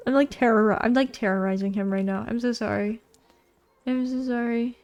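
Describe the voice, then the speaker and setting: A woman's voice: on the high side, steady tone, normal speed, darkish tone, faint music behind. A young woman giving casual, rambling gameplay commentary, gushing and bubbly with lots of fillers. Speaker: gaming YouTuber.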